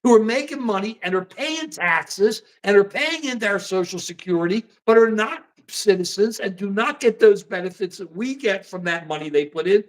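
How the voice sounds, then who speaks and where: A woman hosting a live talk stream, chatting casually about politics in an animated, joking, emphatic way. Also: medium pitch, normal speed, hardly any pauses, low-quality recording. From United States. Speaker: livestream host.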